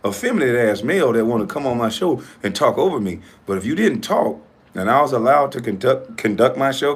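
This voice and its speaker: A man hosting his own online show, ranting in a heated, profane and combative way, swinging between loud outbursts and low muttering. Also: slightly rough. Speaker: YouTube show host.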